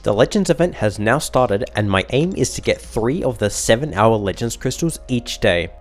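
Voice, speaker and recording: A man giving calm, matter-of-fact commentary as he plays a mobile game and opens rewards. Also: medium pitch. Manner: measured, matter-of-fact narration of crystal openings. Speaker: gaming YouTuber. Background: background music.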